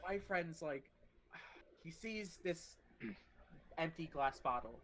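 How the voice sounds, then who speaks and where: A young adult podcast host casually telling a long personal story, animated and swearing freely. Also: medium pitch, slow, a little hiss or hum.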